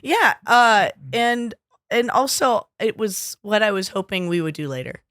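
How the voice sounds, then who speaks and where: A woman in casual podcast chat with a mid-range voice, tossing off quick jokes. She swears freely and laughs along with her co-host. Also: mid-range voice, expressive, fairly bright tone, no room sound, clean studio sound. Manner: profane, joking, quick quips.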